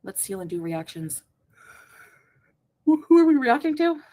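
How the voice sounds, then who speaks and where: A woman's voice: high voice, very animated, moderate pace, warm tone. A woman co-hosting a livestream, reading the chat aloud in a playful, teasing way and tossing in French phrases.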